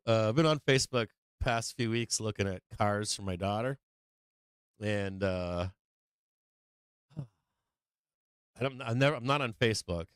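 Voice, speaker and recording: Middle aged guy cussing on his stock stream, smooth voice, dry close mic. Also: lowish voice, dry recording. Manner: profane ranting, lots of swearing and laughter. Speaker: livestream stock trading host. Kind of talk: casual livestream chat.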